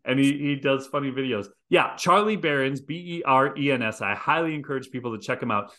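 A Midwestern man with a Wisconsin accent co-hosts a podcast, joking and teasing in casual conversation. He speaks briskly in a sharp-toned, mid-range voice.

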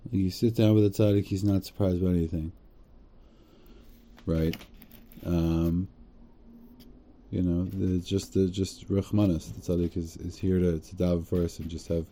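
A man teaching a religious text casually, translating phrase by phrase with halting restarts. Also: low-pitched, little pitch movement, warm tone, a little hiss or hum.

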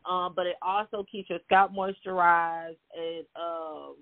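A woman's voice: fairly low pitch, fairly even intonation, unhurried, no room sound. A woman co-hosting a casual podcast, talking straight to her listeners with slang and pet names. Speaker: podcast co-host. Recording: tinny phone-like sound.

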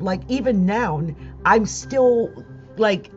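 A woman's voice: medium pitch, lively intonation, measured pace, soft background music. Upset woman rambling about astrology, lo-fi. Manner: emotional, rambling, laughs between phrases. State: upset, close to tears. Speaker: astrology vlogger. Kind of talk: casual monologue to viewers.

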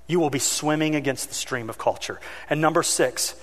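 In a large hall, a man with a slightly high voice delivers a sermon a little fast. As pastor he spins lively stories, voicing their characters and dramatizing moments when he shouted.

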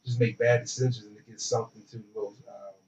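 A young man telling stories in casual conversation, animated and acting out the voices of people in his anecdotes. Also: mid-range voice, fast, recorded from a distance. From from a small town. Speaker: interview guest. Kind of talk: casual storytelling. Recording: roomy, dull and slightly noisy.

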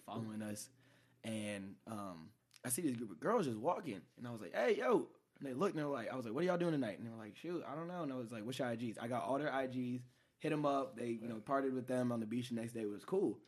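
A man co-hosting a podcast tells a story in a loose, laid-back way. His voice sits in a middle register, and he laughs between lines. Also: fast talker. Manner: storytelling, laughs often, low-key when narrating. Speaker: podcast co-host. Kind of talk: casual chat.

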